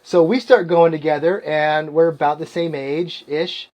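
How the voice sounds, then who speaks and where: A man's voice: fairly high pitch, measured pace, lo-fi sound. A middle-aged man hosting a podcast, telling a long story in a casual monologue, laughing often and acting out the people he quotes. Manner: animated, laughs often, acts out quoted voices. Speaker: podcast host.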